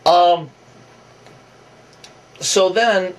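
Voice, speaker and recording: A man's voice: high voice, extremely slow, far from the mic. A man giving off-the-cuff, opinionated commentary that rambles with asides and restarts.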